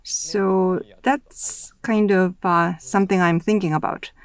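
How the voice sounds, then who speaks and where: Woman giving an even interpreted voice-over. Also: fairly low pitch, slow pace. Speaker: voice-over interpreter for a roundtable panel. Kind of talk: interpreted English voice-over of a discussion.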